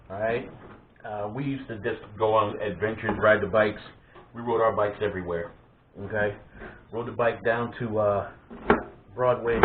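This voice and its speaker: Male vlog host, relaxed animated storyteller, laughs and restarts a lot, tinny phone-like audio. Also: mid-range voice, background noise. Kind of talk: casual storytelling of family memories. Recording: tinny phone-like sound in an echoey room.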